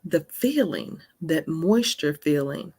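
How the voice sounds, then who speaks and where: Earnest woman in her forties, gravelly voice. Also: low voice, expressive, slow, a little mellow. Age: 40s. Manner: earnest and conversational, often asks "right?". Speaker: faith podcast host. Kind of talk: candid personal testimony.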